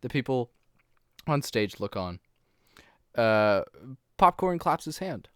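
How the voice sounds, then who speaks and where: A man's voice: medium pitch, sing-song, slow, pauses often, a bit bright, smooth, dry recording, studio quality. A man streaming a text adventure, narrating scenes playfully with frequent laughs and hesitant fillers.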